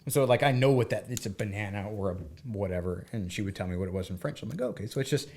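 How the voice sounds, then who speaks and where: A man's voice: fairly low pitch, fast. A man from the United States, co-hosting a podcast and telling a story in casual chat, acting out the dialogue. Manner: animated, acts out dialogue. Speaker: podcast co-host.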